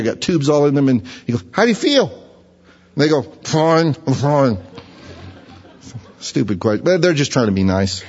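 A man preaching a conversational sermon, acting out everyday voices with a pitch jump. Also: a little mellow, husky. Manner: conversational, acts out imagined voices in a higher pitch. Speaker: pastor. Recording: dull reverberant hall sound.

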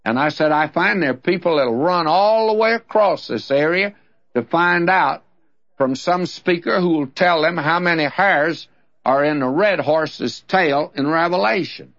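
On a radio program heard through a dull lo-fi recording, a man teaches the Bible in a folksy, plainspoken, conversational way. His voice is fairly high and fairly bright, and he takes his time.

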